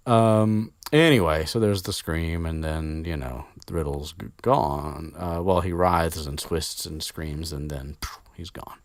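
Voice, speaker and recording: Deep-voiced man rambling casually. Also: slow pace, dry recording, clean studio sound. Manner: rambling, swears casually, many fillers. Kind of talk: casual chat, retelling a story.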